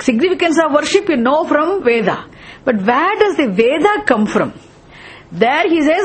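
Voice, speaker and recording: A woman's voice: on the high side, breathy edge. A woman teaching a scripture class, explaining terms step by step and often asking the class questions. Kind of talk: scripture lesson.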